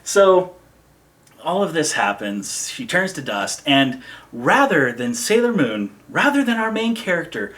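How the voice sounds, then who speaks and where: Sarcastic, animated woman anime reviewer. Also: low-pitched, unhurried. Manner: sarcastic, animated, acts out characters in exaggerated voices.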